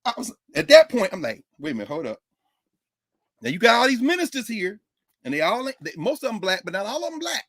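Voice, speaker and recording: A man lectures in a lively, informal way, swinging his pitch widely like a preacher telling a story. His voice is husky and on the high side, and it sounds dry and close. He laughs often between points. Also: fast talker, no echo.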